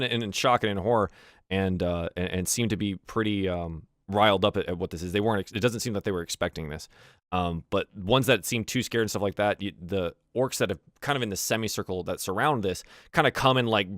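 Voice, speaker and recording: A man's voice: fairly low pitch, brisk, a bit bright, dry recording, clean studio sound. A man narrating a tabletop game as game master, describing scenes casually with many fillers.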